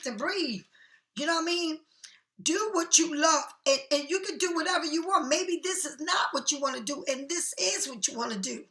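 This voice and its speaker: A woman's voice: high voice, sharp tone, echoey room. A woman doing a casual tarot reading for viewers, chatty and frank, swearing freely and calling the listener honey. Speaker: tarot card reader.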